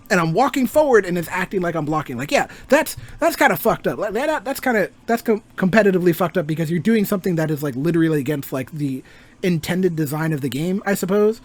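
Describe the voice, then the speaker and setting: A young man and game designer ranting casually about video games, rambling, swearing freely and laughing often. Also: high-pitched. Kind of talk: casual gaming rant.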